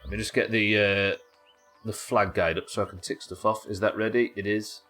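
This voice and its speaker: A man's voice: on the low side, little pitch movement, normal speed, fairly bright tone, soft background music. A young man from the UK doing chatty, sweary live commentary as he plays, talking to his chat. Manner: chatty, sweary, talks to chat while working. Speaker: streamer.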